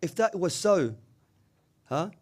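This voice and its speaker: A man's voice: high-pitched, big pitch swings, slow, a little mellow. A man preaching a sermon, telling a religious story with emphatic asides and Arabic phrases mixed into English. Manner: emphatic storytelling with frequent rhetorical "huh?" asides. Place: community religious hall.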